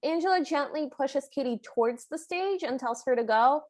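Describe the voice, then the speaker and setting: A woman's voice: sits high, animated, moderate pace, a little mellow. A woman co-hosting a podcast, chatty and reactive, sharing her own opinions about a movie. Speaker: podcast co-host. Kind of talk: casual movie recap chat.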